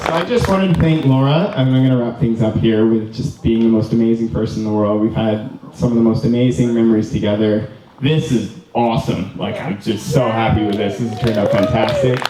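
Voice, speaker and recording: A man's voice: fairly low pitch, fairly quick, mellow, some chatter behind, slight background noise. A young man from Canada, the groom, giving an earnest, rambling wedding speech full of ums and restarts. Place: wedding reception room. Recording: distant, roomy, slightly dull hall recording.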